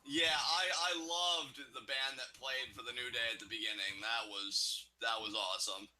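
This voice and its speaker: A man co-hosting a live reaction show, firing off excitable exclamations and wisecracks. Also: mid-range voice, normal speed, low-quality recording. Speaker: co-host reacting to a wrestling broadcast.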